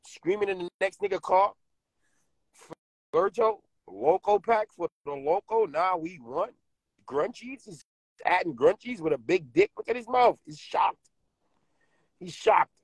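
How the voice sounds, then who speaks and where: A man's voice: sits high, animated, normal speed, gravelly, a little mellow, husky, no echo, poor audio. A man doing mocking, taunting roast commentary on a stream, laughing at his target.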